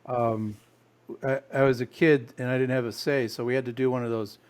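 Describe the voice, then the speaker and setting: A man's voice: mid-range voice, steady tone, a little fast, a little mellow, clean tone. A man from the Midwest hosting a business podcast, asking friendly, chatty questions with plenty of "um"s. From American Midwest. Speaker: podcast host. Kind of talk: casual interview chat.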